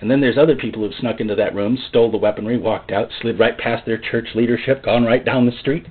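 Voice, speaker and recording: A man's voice: medium pitch, quick pace, few pauses, husky. A male pastor preaching a sermon in a dramatic style. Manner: dramatic, lively, acts out voices. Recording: tinny phone-like sound.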